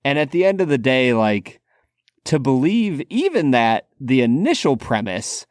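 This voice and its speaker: A man co-hosting a podcast, telling stories in a relaxed casual way. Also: mid-range voice, unhurried, smooth, no echo, clean studio sound. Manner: relaxed storyteller, many "like" fillers. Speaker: podcast co-host.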